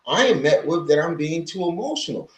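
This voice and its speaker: Poor audio and an echoey room frame a slightly high, expressive, somewhat fast male voice on a livestream mic. He hosts a casual stream on healing from narcissistic abuse, rambling with many restarts and stopping to greet chat viewers.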